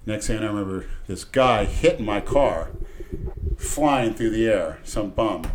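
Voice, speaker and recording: There's a little hiss or hum behind this middle-aged Florida man, whose lowish voice moves at an unhurried pace. On a relaxed podcast he meanders through long anecdotes, belting out the voices of the cops involved.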